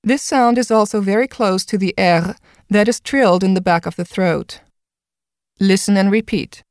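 A woman explaining pronunciation in a measured, scripted teaching style. Her voice is smooth and clear. The recording is dry and close. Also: medium pitch, a little mellow, no room sound. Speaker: language instructor. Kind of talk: scripted instructional narration.

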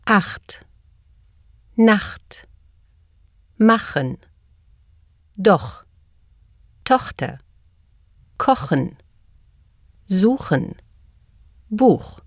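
Woman slowly enunciating drill words. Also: medium pitch, very animated, dry recording, clean studio sound. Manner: deliberate, carefully enunciated single words. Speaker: pronunciation model speaker. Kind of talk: slow word-by-word pronunciation drill.

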